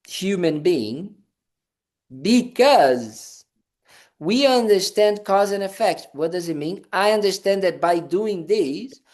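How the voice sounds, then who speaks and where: A high-pitched, darkish-toned male voice belongs to a Buddhist monk giving a casual dharma talk. He's playful and conversational, using frequent "you know" fillers and restarts, and acts out small scenes with "da, da, da."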